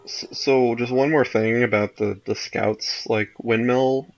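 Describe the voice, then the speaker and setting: A man in casual chat about a video game, speaking in a relaxed, halting way. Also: mid-range voice, creaky, dull audio. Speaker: podcast co-host discussing a video game.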